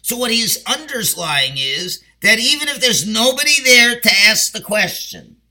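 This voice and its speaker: A man's voice: very high-pitched, big pitch swings, measured pace, bright, forceful tone. A man with a Yeshivish English accent and Ashkenazi Hebrew, teaching a class on the Haggadah. He explains step by step and poses questions, then answers them himself. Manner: explanatory, asks and answers his own questions. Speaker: Torah teacher.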